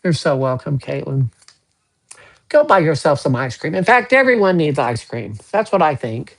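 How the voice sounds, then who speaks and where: A man giving a casual live tarot reading, gentle with folksy joking asides. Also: a little high, big pitch swings, normal speed. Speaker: tarot card reader.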